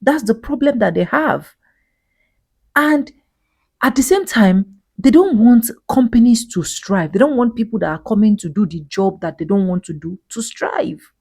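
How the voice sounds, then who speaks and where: A woman's voice: fairly high pitch, animated, moderate pace, creaky, a little mellow, breathy edge, dry recording. A woman giving an opinionated commentary monologue, indignant and emphatic, full of rhetorical questions. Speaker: vlogger commentator.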